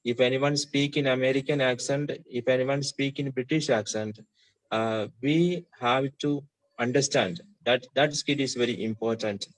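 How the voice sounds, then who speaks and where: A man's voice: mid-range voice, moderate pace, no room sound, poor audio. Hesitant Indian-accented man explaining. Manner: hesitant, frequent fillers, plain explanatory. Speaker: discussion participant. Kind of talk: casual online discussion.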